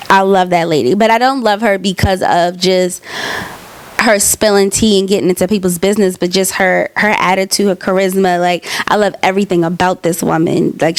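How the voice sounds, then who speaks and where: A woman's voice: lowish voice, steady tone, normal speed. A young woman, an aspiring talk show host, answering interview questions in a bubbly, chatty way with many fillers. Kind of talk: casual self-interview answers.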